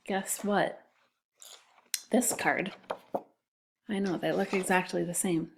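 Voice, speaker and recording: A woman teacher walks young children through a phonics lesson at an unhurried pace. Her voice sits at an ordinary middle pitch. She stretches out sounds and spells words out patiently, letter by letter. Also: fairly even intonation, slight background noise. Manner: slow, patient, drawn-out spelling.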